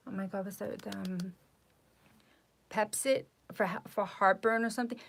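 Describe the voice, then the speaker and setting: A woman vlogger telling a personal story in a casual, exasperated way, with animated retelling. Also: mid-range voice, moderate pace, long pauses.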